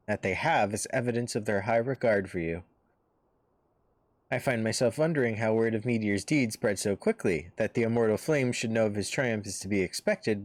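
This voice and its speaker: A composed woman leader of a heroes' order, read aloud by a man streaming a game. The delivery is formal and measured, like a storybook read-aloud, with a lowish pitch. The sound is dry and close to the mic. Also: dry recording, natural voice.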